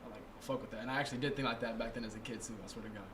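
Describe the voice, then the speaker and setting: A man's voice: medium pitch, steady tone, racing, noisy background. A young man, a guest rapper on a podcast, telling stories in laid-back slang with lots of swearing. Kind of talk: casual chat.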